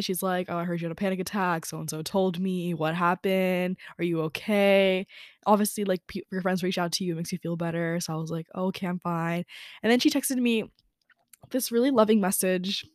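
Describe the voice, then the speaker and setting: A woman's voice: medium pitch, steady tone, moderate pace, a little mellow, no room sound. Young woman, podcast host, candid casual chat, filler-heavy, dry close sound. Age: young adult. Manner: chatty, candid, lots of "like" and swearing. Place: indoors by a window.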